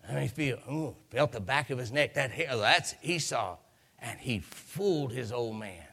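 Gravelly, bright-voiced preacher man. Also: medium pitch, lively intonation, measured pace. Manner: emphatic, storytelling preaching with repeated hallelujahs. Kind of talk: sermon.

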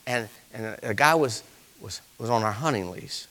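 A male pastor, preaching a folksy sermon full of stories that swells to loud exclamations. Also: medium pitch, lively intonation, normal speed.

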